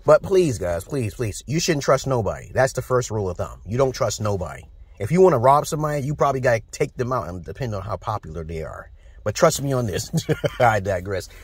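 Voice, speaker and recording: Blunt, husky New York man ranting. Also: medium pitch, big pitch swings, brisk, no echo. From Brooklyn, New York, USA. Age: 40s. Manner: blunt, profane, preachy. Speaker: vlogger. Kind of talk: casual rant to camera.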